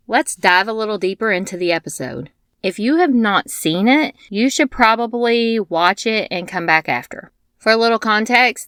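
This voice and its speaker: A woman's voice: medium pitch, fairly bright tone, smooth, no room sound, studio quality. A woman hosting a scripted TV episode recap, dropping wry, blunt asides and casual swearing. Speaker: TV recap host.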